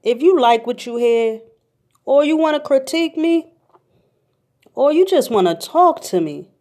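A young woman hosting a podcast, telling comic stories in an animated, slangy, jokey way. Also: high-pitched, unhurried. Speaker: podcast host. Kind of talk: comedic storytelling monologue.

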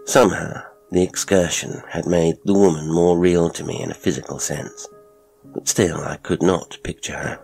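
Deep, husky horror narrator. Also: male voice, steady tone, darkish tone. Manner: measured, low storytelling. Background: faint music.

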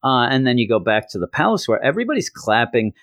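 A man's voice: mid-range voice, very animated, fast talker, a bit bright, dry recording, studio quality. A man hosting a comic book podcast, recapping animatedly and acting out characters. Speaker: podcast host.

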